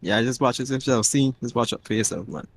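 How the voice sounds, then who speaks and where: A man's voice: medium pitch, fast talker. A man from Barbados with a Caribbean accent, chatting loosely in a casual interview, filling gaps with "yeah, man". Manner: relaxed, rambling, many fillers like "yeah, man". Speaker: racing league driver being interviewed.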